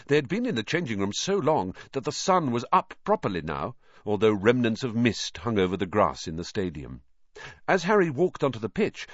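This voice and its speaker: A man's voice: medium pitch, dry recording, lo-fi sound. A man narrating an audiobook expressively. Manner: expressive storyteller voicing every character.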